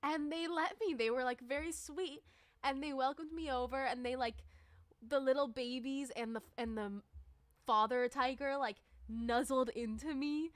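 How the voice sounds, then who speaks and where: A woman's voice: high-pitched, steady tone, moderate pace, no echo, studio quality. A woman chatting casually on a livestream, rambling and peppering her talk with "like.". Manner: rambling, chatty, many "like" fillers. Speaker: livestreamer and musician.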